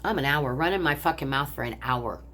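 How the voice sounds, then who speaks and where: A woman's voice: rumbling low, brisk, a bit bright, slight background noise. An older woman from the United States, venting angrily and profanely to her phone camera at home about her family. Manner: profane, bitter, ranting. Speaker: vlogger. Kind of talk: angry personal vent to camera. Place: at home, looking out on a pond.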